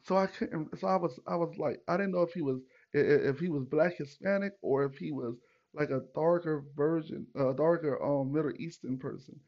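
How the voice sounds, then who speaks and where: A man hosting a podcast, telling a story in a casual, animated and profane way, acting out what people said. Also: on the high side, highs cut off. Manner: animated, profane, retells with acted quotes. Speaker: podcast host.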